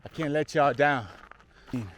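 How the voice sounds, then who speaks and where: A man's voice: on the high side, a little slow, fairly bright tone, a little hiss or hum. Man hiking vlogger, out of breath, casual and jokey with his viewers, recorded outdoors on a handheld camera. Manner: chatty and joking, addresses viewers as y'all. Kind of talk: casual vlog talk to camera. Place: outdoors on a mountain trail.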